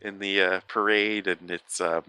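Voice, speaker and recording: A man's voice: sits low, level tone, sharp tone, clear, resonant tone, no room sound. A man co-hosting a podcast, rambling through a casual chat full of fillers and the odd swear word. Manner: rambling, profane, halting with many fillers. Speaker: podcast co-host.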